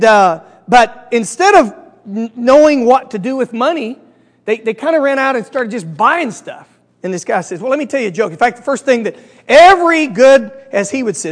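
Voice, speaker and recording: High-voiced middle-aged man teaching. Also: long reverb tail. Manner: animated, chatty, asks the audience questions. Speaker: Bible study teacher. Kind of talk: conversational teaching with jokes.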